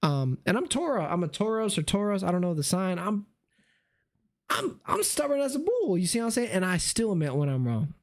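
A man's voice: high-pitched, sing-song, quick pace, hardly any pauses. A man chatting casually on a live stream, slangy and repetitive, saying he is losing his voice. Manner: slangy, repeats "you see what I'm saying".

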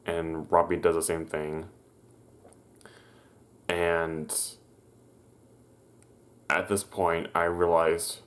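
This man's voice sits very low, and he recounts a personal story straight to his viewers. He talks haltingly, restarting sentences and correcting himself as he remembers. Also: flat delivery, a bit bright. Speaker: vlogger.

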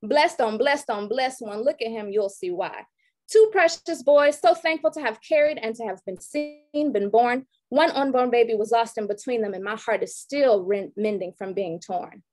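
Woman educator on a video call, high voice, rhythmic poem-style delivery. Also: moderate pace, darkish tone, faint music behind. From Detroit, raised in Georgia. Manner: rhythmic, rhyming poetic delivery. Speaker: workshop presenter, educator. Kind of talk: online workshop talk with a spoken-word poem.

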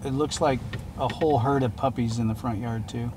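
A man's voice: mid-range voice, fairly even intonation, brisk, background noise. A man on a bounty hunting team who chats casually and banters agreeably with his partner. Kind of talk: casual chat.

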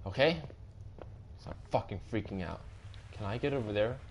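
A young man hosting a gaming video reacts to a horror game in a panic, swearing and repeating himself. His voice is fairly low and his speed normal, with slight background noise.

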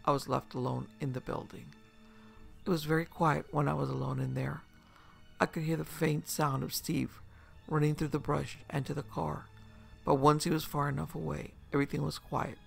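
A man narrating a first-person horror story in a steady, scripted telling. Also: a little high, moderate pace, vocal fry, soft background music.

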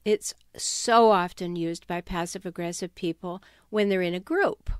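A woman giving advice on toxic relationships in an emphatic, animated way. She sometimes drops her voice to act out quoted sarcastic remarks. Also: lowish voice, measured pace, clean tone, no room sound, clean studio sound. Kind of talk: talking-head advice video.

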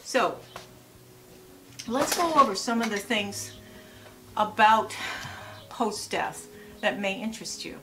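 A woman's voice: mid-range voice, slow pace, pauses often, bright, forceful tone, a little hiss or hum. A woman in her sixties giving casual lifestyle advice in a chatty vlog, full of asides and rhetorical questions. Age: 60s. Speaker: lifestyle vlogger.

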